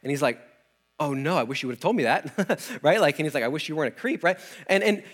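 A man's voice: a little high, lively intonation, fast, fairly bright tone. A young adult man preaching, retelling a scripture story casually with slang, laughs and acted-out character lines.

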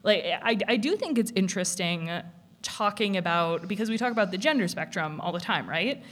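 A woman speaking on a panel in a casual discussion, animated, with many restarts and laughs. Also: medium pitch, brisk.

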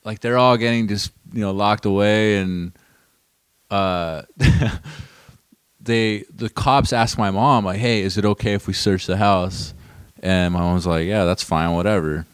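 A man telling a long story in casual chat, animated and swearing often. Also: fairly low pitch, a little slow, clear, resonant tone, dry recording.

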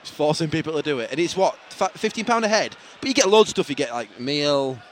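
A young man co-hosting a football podcast, his voice fairly high and swinging widely in pitch. He laughs often and keeps the casual banter playful. Faint outdoor noise sits behind him. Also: a little fast. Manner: giggly, playful, lively. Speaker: podcast co-host.

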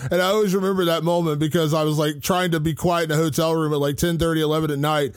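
A man with a fairly high voice talks in a chatty, animated way, filling his sentences with "like" and "you know". The sound is dry and close, with little room echo. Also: fast talker, clear, resonant tone. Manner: chatty, animated, heavy use of "like". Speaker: co-host, reporter. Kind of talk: casual podcast chat.

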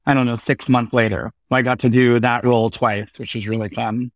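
A man in his thirties, a Broadway performer, talking as a guest in a casual interview and telling animated stories with quick asides. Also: mid-range voice, no room sound, studio quality.

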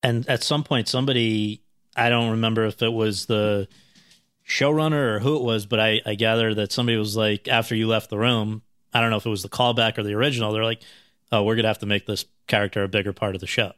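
A man's voice: lowish voice, fairly even intonation, fast, a bit bright, no room sound, studio quality. A man hosting an interview who asks long, winding questions full of restarts. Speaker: interview host.

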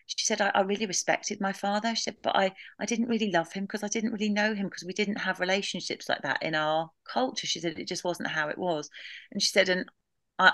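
A woman's voice: fairly low pitch, fairly bright tone, no echo. A woman guest telling a personal story of grief and gratitude in a candid, reflective way, quoting what others said to her. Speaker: podcast guest.

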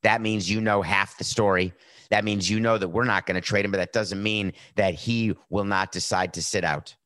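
A man's voice: lowish voice, fairly even intonation, normal speed, fairly bright tone, no echo. A middle-aged man hosting a sports talk show, giving a brash, sarcastic monologue with a tired, sore voice. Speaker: podcast host.

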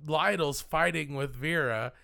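A man co-hosting a podcast, calmly retelling film scenes in a relaxed, dry manner. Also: fairly high pitch, a little slow, gravelly. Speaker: podcast co-host. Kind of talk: casual film-review chat.

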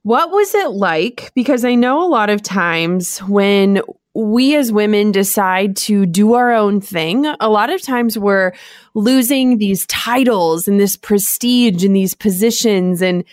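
A woman's voice: mid-range voice, takes it slowly, dry recording, clean studio sound. A woman hosting a podcast interview who asks questions and encourages her guest. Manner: encouraging, affirming listener. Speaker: podcast host.

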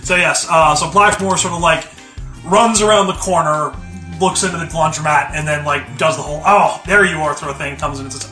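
A man's voice: fairly high pitch, steady tone, a little fast, pushed and bright, roomy sound, soft background music. Casual man playing a tabletop game. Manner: casual, laughing, describes actions. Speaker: player.

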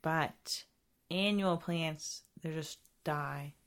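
Slow, teasing woman co-host. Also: low-pitched. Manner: teasing, playful. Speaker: podcast co-host. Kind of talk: casual chat.

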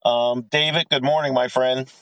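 Male caller, 50s, medium pitch, dry. Casual, joking storyteller on an online call. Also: steady tone, moderate pace, fairly bright tone, no room sound, poor audio. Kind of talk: casual chat.

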